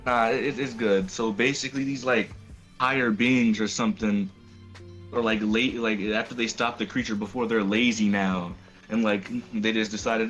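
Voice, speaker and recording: A man's voice: on the low side, steady tone, normal speed, fairly bright tone, soft background music. A man joining a stream as a call-in guest, hesitant and searching for words, with many fillers. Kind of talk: casual call-in chat.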